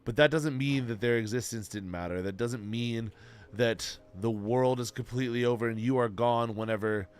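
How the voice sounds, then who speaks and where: Earnest, emotional man streamer giving advice. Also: on the low side. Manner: earnest, swears freely, repeats himself. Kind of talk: heartfelt advice to a live chat. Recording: faint music in the background.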